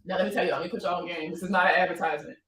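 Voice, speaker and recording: Host, female, 30s, Maryland accent; bright voice, laughs easily, loose and talkative. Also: on the low side, steady tone, racing, poor audio. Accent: Prince George's County, Maryland. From Maryland, USA. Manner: laughs a lot, chatty and joking. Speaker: host of a credit advice livestream. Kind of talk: casual livestream chat.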